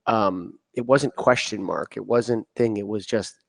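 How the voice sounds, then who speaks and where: A man hosting a casual podcast interview, talking in a relaxed, rambling way with lots of ums and you-knows. His voice is fairly low, recorded dry and close with no room echo. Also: a little slow, vocal fry. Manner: easygoing, many fillers, acts out quotes. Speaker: podcast host. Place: conference venue.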